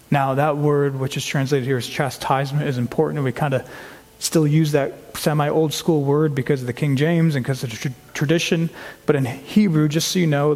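A man's voice: a little high, a little mellow. Male pastor preaching in a reverberant hall. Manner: expository preaching, slows and stresses key words. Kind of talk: sermon.

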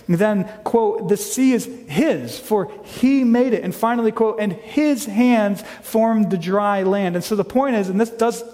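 A man's voice: high voice, a little slow, few pauses, mellow. A man preaching a sermon as pastor, earnest, often restarting and repeating his words. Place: church hall. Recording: long hall reverb.

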